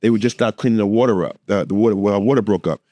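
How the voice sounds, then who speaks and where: A man co-hosting a podcast, telling a story in a lively, laughing way and acting out the voices in it. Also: on the low side, very fast, no room sound. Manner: animated, laughing, acts out voices in his story. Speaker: podcast co-host. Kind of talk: casual storytelling chat.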